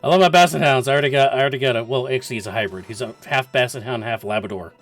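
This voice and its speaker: A man's voice: medium pitch, rapid-fire. Man explaining game strategy over faint music. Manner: explains strategy step by step, laughs often. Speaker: esports commentator. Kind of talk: casual game commentary.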